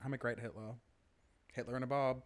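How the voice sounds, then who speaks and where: A young man co-hosting a podcast in campy, excitable casual chat. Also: mid-range voice, a little fast. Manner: campy, excitable, bursts into loud laughter. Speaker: podcast co-host.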